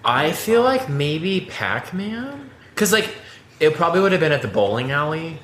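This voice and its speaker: A man co-hosting a podcast in casual chat, gushing and quick to laugh. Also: on the high side, very animated, a bit bright, roomy sound, a little hiss or hum. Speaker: podcast co-host.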